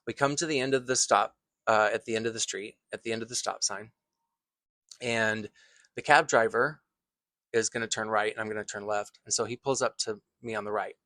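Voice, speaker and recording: A man who teaches acting tells a personal story in an earnest, thoughtful way, pausing and restarting phrases as he goes. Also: fairly low pitch, steady tone, pushed and bright, no room sound.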